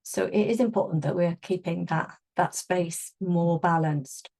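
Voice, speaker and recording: A woman's voice: fairly low pitch, measured pace, creaky. Woman leading a workshop. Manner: warm conversational explaining with gentle affirmations. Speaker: energy healing workshop leader. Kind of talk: guided workshop teaching.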